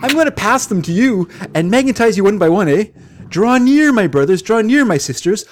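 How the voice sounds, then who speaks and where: A man's voice: high-pitched, animated, a little fast, slight background noise. A man voicing a pompous male mystic who speaks with a thick Canadian accent and draws out his pronouncements. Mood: grandiose.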